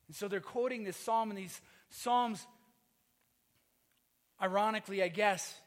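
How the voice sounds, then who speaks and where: A man preaching a sermon as a pastor, moving between loud emphatic lines and hushed quiet passages. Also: high-pitched, big-room sound. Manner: swings from loud emphatic to hushed, sings briefly. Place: church.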